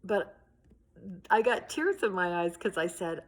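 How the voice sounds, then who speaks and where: A woman's voice: fairly low pitch, lively intonation, a little slow, pauses often. A middle-aged woman giving a heartfelt recorded address to teachers from her home, telling stories in an earnest way. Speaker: union leader addressing teachers.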